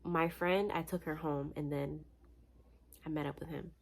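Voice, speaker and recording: A young woman from Florida, tired, telling a personal story in a casual, animated, slangy way. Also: deep voice, moderate pace. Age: young adult. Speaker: vlogger.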